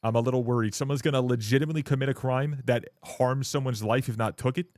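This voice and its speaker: A young man talks straight into a close mic on a live stream, ranting at his chat in a blunt, profane way. His pitch sits in the middle range, and the sound is dry with almost no room echo. Now and then he slips into mocking voices of other people. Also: steady tone, fast talker, a little mellow. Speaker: livestreamer.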